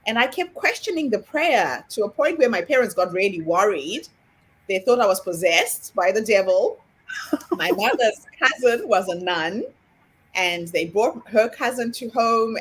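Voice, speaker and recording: A woman's voice: fairly high pitch, expressive, a little slow, breathy edge. A woman candidly sharing a childhood story on a video call. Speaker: summit participant.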